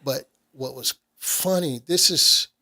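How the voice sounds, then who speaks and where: A man's voice: mid-range voice, slow, pushed and bright. A middle-aged man from Nashville, a radio host in casual chat, telling stories and acting out what people said. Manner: storytelling, acts out quoted voices.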